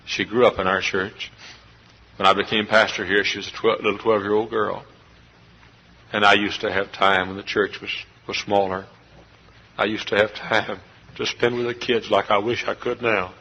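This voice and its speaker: A middle-aged man preaching a sermon as a pastor, swinging from hushed confiding to shouted outbursts. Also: fairly low pitch, little pitch movement, moderate pace, long pauses, slight background noise, rough recording. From Texas. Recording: live church service recording.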